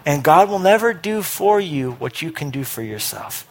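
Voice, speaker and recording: Energetic male preacher with bursts of force. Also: on the high side. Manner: energetic, rising to forceful emphasis with quick asides. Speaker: pastor. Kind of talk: sermon.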